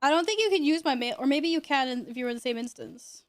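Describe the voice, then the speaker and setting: A woman's voice: sits high, lively intonation, fast talker, no echo. A woman live streaming, chatting casually and playfully while gaming, teasing viewers and laughing often. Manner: chatty, greets viewers and jokes with them.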